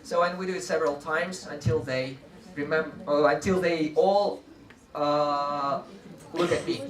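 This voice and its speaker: A man presenting a workshop to teachers with lively energy, leading a live audience through group chants. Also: fairly high pitch, unhurried. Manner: animated, often laughing, leads group chants. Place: large room with a live audience. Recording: echoey room, far from mic, audience noise.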